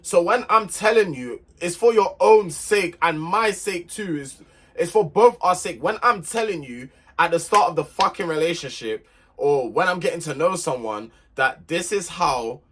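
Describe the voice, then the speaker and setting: A man's voice: high voice, animated, normal speed, a bit bright, husky. A young man telling a relationship story to camera in an emphatic, irritated rant, repeating himself to make his point. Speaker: vlogger.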